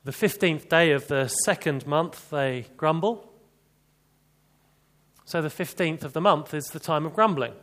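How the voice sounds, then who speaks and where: A man's voice: on the high side, unhurried, long pauses, fairly bright tone. A man preaching an expository sermon, chatty, with rhetorical questions and dry humor.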